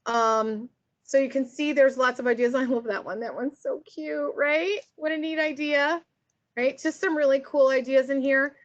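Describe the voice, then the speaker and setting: A woman with a high, bright-sitting voice runs a relaxed online workshop for teachers. She talks in a chatty, upbeat way and keeps checking in with her listeners. The sound is dull and lo-fi, like a web call. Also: moderate pace. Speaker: teacher trainer. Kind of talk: casual online workshop presentation.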